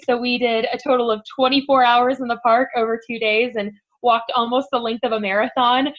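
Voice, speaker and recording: A woman speaking as a podcast guest, her voice sitting a touch high. She talks earnestly, stopping often on "um" as she pieces her account together. The recording is dull and lo-fi. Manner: earnest, many "um" fillers. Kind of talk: personal story in conversation. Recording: dull lo-fi audio.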